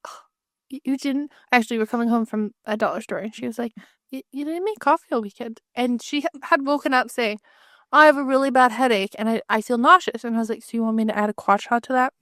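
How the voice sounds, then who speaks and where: Woman, podcast co-host, casual chat, fairly high voice, animated storytelling, dry recording. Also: normal speed, dry recording. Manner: animated storytelling, acts out quotes.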